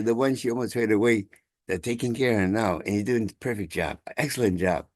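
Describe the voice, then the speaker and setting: A man, telling a family story over a video call in halting, chuckling speech. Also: fairly low pitch, a little mellow, dry recording, clean studio sound. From Taiwan. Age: 60s. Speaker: congregation member sharing gratitude. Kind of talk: casual storytelling.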